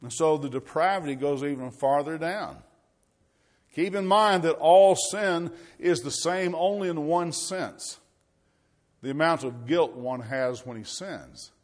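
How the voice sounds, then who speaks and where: A man preaches a sermon at an unhurried pace, reading scripture loudly. He drops his voice low for asides and rhetorical questions.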